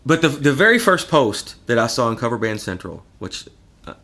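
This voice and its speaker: A man's voice: medium pitch, sing-song, moderate pace, pushed and bright. A man telling stories as a podcast guest, sarcastic and profane, often breaking into laughter. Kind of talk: casual podcast storytelling.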